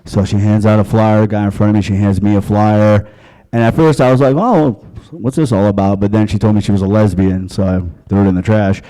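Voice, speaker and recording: A man does stand-up on a club stage, speaking into a handheld mic with crude, deadpan, conversational delivery. His voice is lowish and smooth, and he talks fairly quickly. The recording quality is low.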